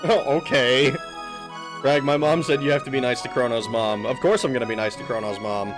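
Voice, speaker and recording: A man's voice: medium pitch, fast talker, over music. A man streaming a video game who talks casually, swears often and laughs a lot. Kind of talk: let's play commentary.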